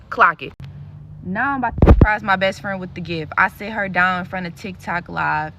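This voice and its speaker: A woman's voice: on the low side, moderate pace, very noisy. A woman telling a story to her viewers in a vlog, blunt and profane, with lots of animation in her delivery. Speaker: content creator.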